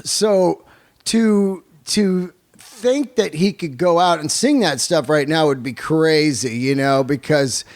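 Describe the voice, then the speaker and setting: A man's voice: a little high, slow pace. A man hosting a podcast, talking in a loose, rambling, profane casual way. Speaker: podcast host. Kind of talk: casual chat.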